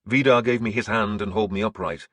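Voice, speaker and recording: A man narrating an audiobook in a grim, measured storytelling manner. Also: lowish voice, fairly even intonation, slightly rough, no room sound, clean studio sound.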